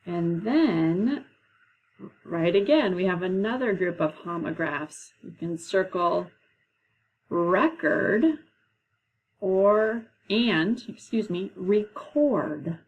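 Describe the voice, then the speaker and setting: A woman teacher leading a classroom lesson, explaining patiently and slowly, with frequent "okay"s. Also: on the low side, darkish tone, highs cut off. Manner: slow, patient, drawn-out explanations.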